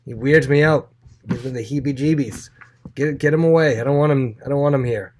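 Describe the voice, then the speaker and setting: A man voicing an irritated, squeamish king who dismisses a visitor in a fussy, higher voice. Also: a little fast, lightly acted. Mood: disgusted.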